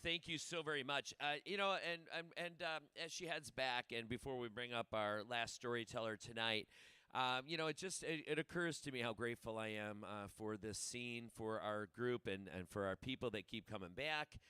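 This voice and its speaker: Bright rambling man hosting a storytelling night. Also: medium pitch, clean tone, no echo. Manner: rambling, full of fillers and restarts. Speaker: host. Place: indoor bar.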